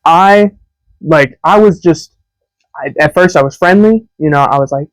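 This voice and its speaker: A man's voice: fairly high pitch, a little slow, no echo, low-quality recording. A young man co-hosting a podcast, telling a story in casual chat and acting out the voices of the people in it. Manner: animated storyteller who acts out quoted voices. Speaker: podcast co-host.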